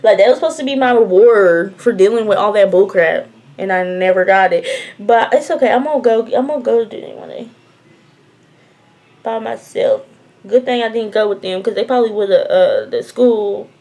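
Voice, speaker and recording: A young woman telling a casual storytime. She is blunt, animated and laughs often. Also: medium pitch, normal speed. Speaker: vlogger.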